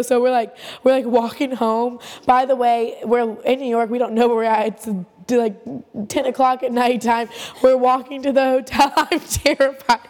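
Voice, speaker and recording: A woman's voice: fairly high pitch, normal speed. Laughing woman telling a story, echoey. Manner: animated storyteller, laughing often. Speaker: podcast co-host. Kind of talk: casual storytelling chat.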